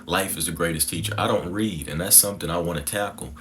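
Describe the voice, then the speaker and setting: A man's voice: deep voice, quick pace, a bit bright. A young man telling his personal story to the camera in a reflective, conversational, slangy way. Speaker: content creator.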